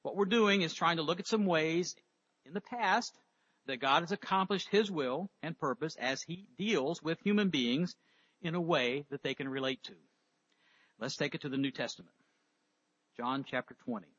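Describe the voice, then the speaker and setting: Bright, husky-voiced male preacher. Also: on the high side, normal speed, lo-fi sound. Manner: reads scripture aloud, then explains it with rhetorical questions. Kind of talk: sermon.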